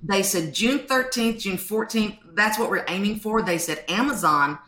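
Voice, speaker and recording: A woman, a podcast guest telling stories in an animated way and acting out quotes. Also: mid-range voice, moderate pace, reverberant. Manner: animated storytelling, acts out quotes. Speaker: guest author. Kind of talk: podcast interview.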